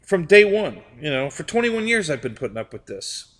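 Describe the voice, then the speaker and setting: A man's voice: fairly high pitch, very animated, moderate pace, fairly bright tone, in a large hall. A man hosting a live stream, chatting casually with viewers, rambling and repeating his words and laughing often.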